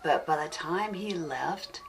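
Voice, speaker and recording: Low, slow-speaking woman teacher. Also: lively intonation. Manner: earnest storytelling, stressing and repeating key words. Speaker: spiritual teacher. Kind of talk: spoken teaching on an audio CD. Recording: distant mic with music underneath.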